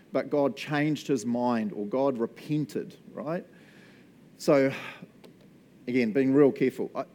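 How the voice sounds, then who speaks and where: A man's voice: medium pitch, warm tone. A young adult man with a New Zealand accent, preaching a casual, playful sermon as pastor and acting out customers in silly voices.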